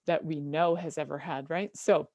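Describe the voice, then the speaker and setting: A middle-aged woman hosting a talk show in a casual, animated monologue. Her voice sits a little low and sounds close and dry, with no room around it. She laughs often and slips into little voices as she tells stories. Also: normal speed, no room sound. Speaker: show host.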